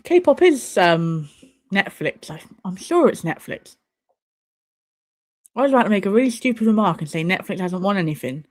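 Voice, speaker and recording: Young woman hosting a live watch party, loose and cheeky, mid-pitched, swearing freely. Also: very animated, moderate pace, a little mellow. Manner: chatty, swears, laughs and banters at the screen. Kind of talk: casual live-stream chat.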